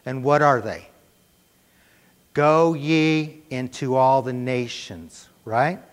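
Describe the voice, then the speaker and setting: A middle-aged man preaching a sermon in a conversational, animated way, telling a personal story and acting out the voices in it. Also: medium pitch, slow pace. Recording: reverberant church hall.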